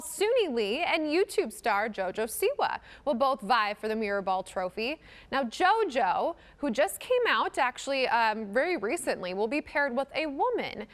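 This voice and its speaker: A woman's voice: high-pitched, fairly bright tone. Upbeat woman co-hosting morning TV. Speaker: TV co-host. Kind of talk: morning TV chat and entertainment news.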